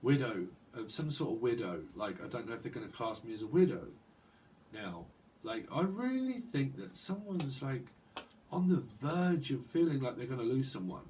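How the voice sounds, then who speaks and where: A man's voice: medium pitch, animated, moderate pace, a little mellow, far from the mic, slight background noise, rough recording. A man giving a rambling psychic tarot reading, free-associating and tagging "right?" onto his lines. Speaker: tarot reader.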